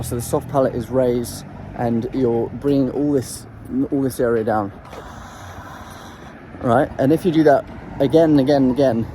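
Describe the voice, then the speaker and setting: Guy vlogging about singing, kinda rambly with lots of ums, warm low-key voice, bit of background noise. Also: poor audio. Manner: rambling, hesitant, full of ums and restarts; demonstrates throat sounds while talking. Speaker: voice coach sharing singing tips. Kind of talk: casual explanatory vlog.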